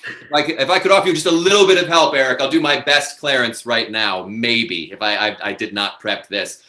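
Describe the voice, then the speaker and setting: A man's voice: medium pitch, fairly even intonation, brisk, pushed and bright, echoey room. A man hosting a live online improv comedy show, announcing the cast and rules with upbeat, theatrical patter over a video call.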